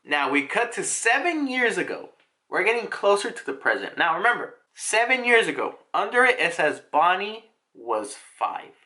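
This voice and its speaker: A man casually recapping a comic chapter in an excitable, slangy way. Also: high-pitched, normal speed. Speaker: manga reviewer.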